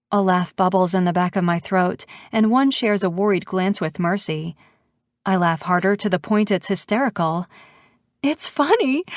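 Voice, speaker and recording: A woman's voice: fairly low pitch, no room sound, studio quality. Woman narrating a romance audiobook.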